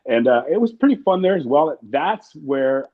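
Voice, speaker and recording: This interview guest has a higher-pitched, very animated voice and talks at a moderate pace. He tells casual, rambling, profane stories and imitates the people in them, captured on muffled, lo-fi audio.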